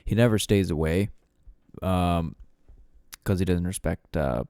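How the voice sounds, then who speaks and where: Male solo podcaster, loose rambling delivery, smooth mellow tone. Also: sits low, unhurried, dry recording, studio quality. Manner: rambling, swears casually, frequent fillers. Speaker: podcast host. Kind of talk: casual solo rambling monologue.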